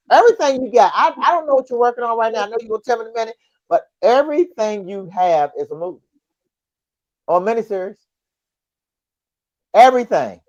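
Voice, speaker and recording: A podcast host talking casually and effusively in quick, folksy speech. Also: medium pitch, very animated, darkish tone, no room sound. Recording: dry, dull lo-fi sound.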